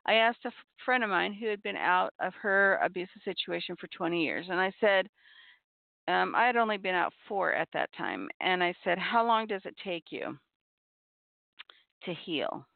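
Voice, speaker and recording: A middle-aged woman hosting a talk show on abuse recovery, giving earnest, measured advice and repeating her key points. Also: fairly low pitch, expressive, creaky, no room sound. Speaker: podcast host on abuse recovery. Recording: tinny phone-like audio.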